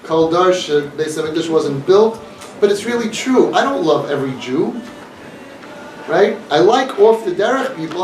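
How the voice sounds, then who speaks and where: A man giving an earnest, emphatic talk to an audience, repeating his points, recorded from a distance. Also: sits high. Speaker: inspirational speaker. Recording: echoey room, mic far off, faint noise.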